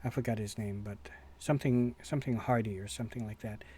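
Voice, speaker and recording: A man's voice: lowish voice, fairly even intonation, quick pace, warm tone, slightly rough. A man hosting a reaction video, talking casually in a rambling, hesitant way with many fillers and restarts.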